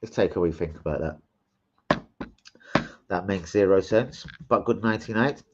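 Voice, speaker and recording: Give me a rambling, foul-mouthed man chatting with his stream, mid-pitched, slightly dull audio. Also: sing-song, unhurried, long pauses. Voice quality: sweary, rambling, loud shout-outs. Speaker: live-stream host. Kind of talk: casual live-stream chat reading comments.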